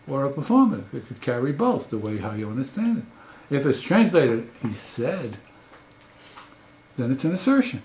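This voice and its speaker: An older man, a professor giving a lecture, emphatic and full of rhetorical questions. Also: a little high. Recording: roomy echo.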